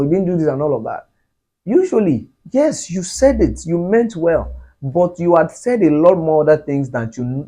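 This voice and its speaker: Male pastor, husky, warm dark tone, earnest repetitive teaching. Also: mid-range voice. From Nigeria. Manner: earnest, repetitive, emphatic with laughs.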